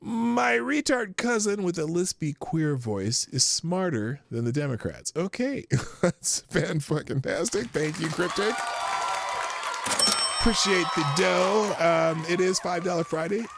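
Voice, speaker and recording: A man's voice: high-pitched, expressive, measured pace, vocal fry, a crowd in the background, noisy background. A man hosting a live stream in a casual chatty way, reading articles aloud and laughing often. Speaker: live show host.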